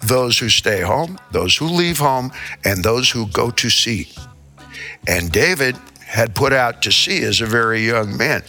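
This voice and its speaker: Theatrical older man with a bright voice. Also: mid-range voice, expressive, measured pace, soft background music. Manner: theatrical, jokey, prone to laughing asides. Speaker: performing musician. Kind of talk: rambling interview anecdotes.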